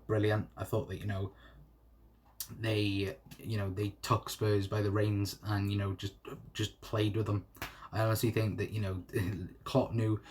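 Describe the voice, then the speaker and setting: A man's voice: on the low side, breathy edge. A young man hosting a fan live stream, reading out comments and chatting in a rambling way full of fillers. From England. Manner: rambling, many fillers like "you know" and "uh". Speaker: fan channel host.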